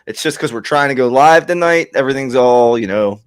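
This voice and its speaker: A man's voice: mid-range voice, a little fast, smooth, no room sound, clean studio sound. A man co-hosting a sports podcast over a video call, joking and repeating himself. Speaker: podcast co-host. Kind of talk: casual sports chat. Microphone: remote video call.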